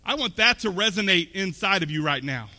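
A man's voice: high voice, lively intonation, a little fast, sharp tone. A man preaching a sermon as pastor, talking conversationally and then building up to emphatic peaks. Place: church sanctuary. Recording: long hall reverb.

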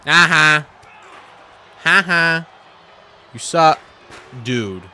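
A young man giving frustrated, sarcastic commentary over his own video game play, swearing and swinging from mutters to yells. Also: on the high side, very slow, a little hiss or hum. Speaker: gaming YouTuber.

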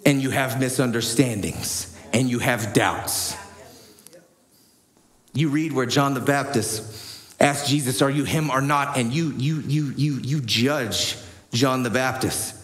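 A man preaching a sermon as pastor, in a casual way that swings between quiet low asides and loud shouted bursts. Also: slow pace. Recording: echoey church hall.

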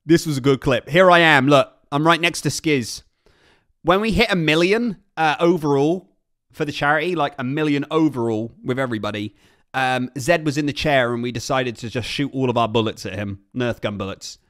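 A young man streaming, reacting excitedly to clips in a casual chat and repeating himself as he talks. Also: medium pitch, moderate pace.

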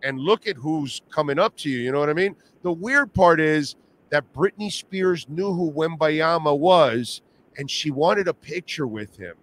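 Animated Miami man hosting sports radio. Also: a little high, a little slow. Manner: animated, rambling, slangy. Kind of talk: casual sports talk.

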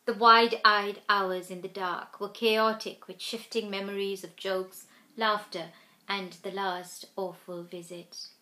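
Slow, somber woman reading her memoir. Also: mid-range voice, little pitch movement, sharp tone. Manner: slow, somber, sinking to whispers in emotional passages. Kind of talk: audiobook memoir narration.

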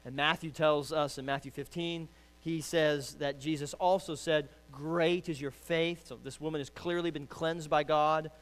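A man preaching a sermon as pastor, urging loudly and then dropping to quiet pleading. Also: on the high side, steady tone, moderate pace, hardly any pauses. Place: church sanctuary.

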